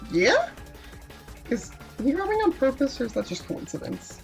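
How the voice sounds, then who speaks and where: A woman's voice: high-pitched, big pitch swings, normal speed, creaky, faint music behind, low-quality recording. A woman playing through a dating game, reading its text aloud with playful, giggly asides. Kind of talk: casual gameplay commentary.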